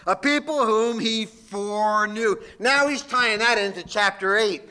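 A man's voice: high-pitched, measured pace, pushed and bright, smooth. A man, a pastor, preaching a sermon in a folksy, emphatic way with jokes.

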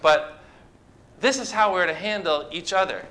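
A man's voice: high voice, moderate pace, pushed and bright, a little hiss or hum. A man preaching a sermon to a congregation, talking conversationally and asking the people questions. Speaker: pastor. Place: church with a congregation.

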